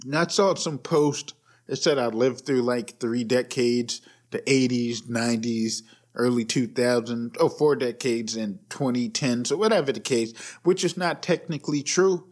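A man's voice: mid-range voice, a little slow. Profane, rambling man in his thirties. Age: 30s. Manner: blunt, profane, laughs at his own jokes. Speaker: podcast host. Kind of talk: casual solo rant.

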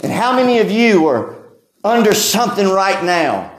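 A man's voice: high voice, sing-song, normal speed, roomy sound. A man preaching a sermon as pastor, acting out pleading cries with passion.

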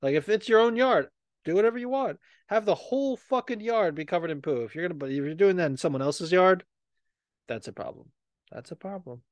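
A man's voice: high-pitched, fast talker, no room sound. A man hosting a podcast in casual chat, rambling with lots of swearing and filler words. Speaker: podcast host.

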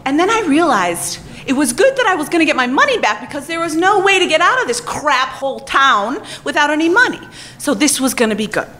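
A woman telling a comic personal story on stage, profane and animated, laughing as she talks. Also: high voice, moderate pace, a little hiss or hum.

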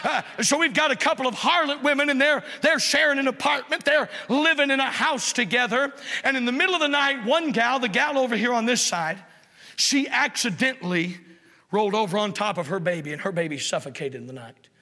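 High-voiced man preaching in a reverberant church. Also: a little fast. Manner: impassioned preaching, rising to shouts. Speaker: pastor. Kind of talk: sermon. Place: church sanctuary.

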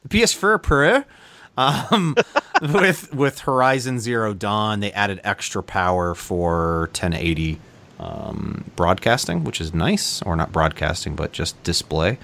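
A man's voice: low-pitched, expressive, slow, creaky, a bit bright. A man co-hosting a casual gaming podcast, reading news notes aloud with frequent laughs and ums. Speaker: podcast co-host.

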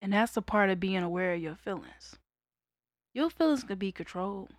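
A young woman candidly telling a personal story in a casual monologue, raw and conversational, breaking into loud laughter. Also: mid-range voice, lively intonation, moderate pace, no echo, clean studio sound. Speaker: vlogger.

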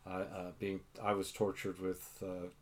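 A man's voice: low voice, monotone, unhurried. Chatty self-mocking middle-aged man. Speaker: podcast host. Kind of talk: casual chat.

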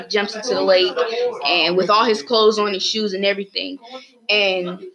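A woman's voice: mid-range voice, fairly even intonation, normal speed, a crowd in the background. A woman casually retelling a story as a student podcast host, rambling with lots of fillers and restarts.

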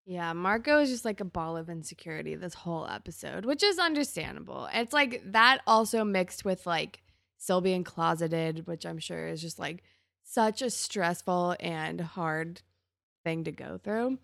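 A young woman co-hosting a casual podcast, recapping a TV episode and acting out the characters' lines with big jumps in pitch. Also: animated, moderate pace, creaky, a bit bright, dry recording, clean studio sound. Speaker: podcast co-host.

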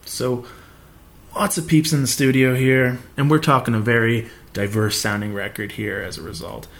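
Male podcast host, mid-pitched, casual and profane fan chatter. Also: fairly even intonation, moderate pace, creaky, fairly bright tone.

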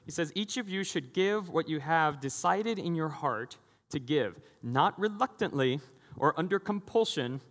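A man's voice: a little high, animated, measured pace, a bit bright. A middle-aged man preaching a sermon as pastor, conversational and jokey, acting out the voices he quotes. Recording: long hall reverb.

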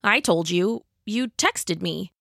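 A woman voicing a kind, gentle teenage boy friend in an audiobook, speaking with concern. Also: medium pitch, animated, takes it slowly, gravelly, dry recording, clean studio sound, exaggerated voice.

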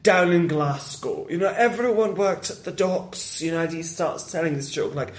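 A man who does stand-up, chatting casually on a podcast and telling stories with lively energy and frequent laughs. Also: a little high, normal speed, roomy sound. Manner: animated storyteller, laughs often. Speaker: stand-up comedian.

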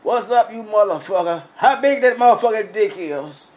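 A man's voice: sits high, animated, moderate pace. A man doing a brash, crude alter ego. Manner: loud, swaggering come-ons.

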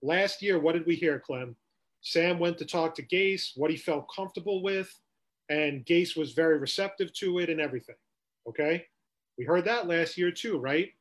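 A man's voice: fairly high pitch, moderate pace. A man co-hosting a sports podcast, ranting with rhetorical questions in casual talk.

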